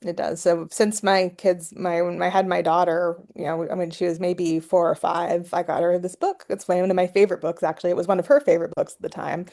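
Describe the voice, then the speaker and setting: A woman's voice: on the low side, fairly even intonation, a little fast, creaky, few pauses, mellow. A middle-aged woman, a psychology professor guest, telling chatty stories in a casual podcast conversation. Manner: storytelling, chatty with laughs and restarts.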